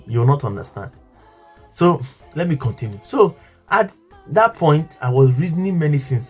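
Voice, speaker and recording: Nigerian man, storytime vlogger, husky voice, earnest and repetitive, faint music underneath. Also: medium pitch, sing-song, moderate pace, a little mellow. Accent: Nigerian English. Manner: earnest, repetitive, talks straight to viewers. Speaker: vlogger telling his story. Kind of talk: emotional storytime monologue.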